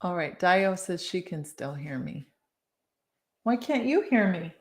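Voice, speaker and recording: Woman in her middle years, author reading live to a webcam, slow and gushing, chats with viewers. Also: lowish voice, animated. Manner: warm, gushing, chats with viewers between passages. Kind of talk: live-streamed book reading with chat.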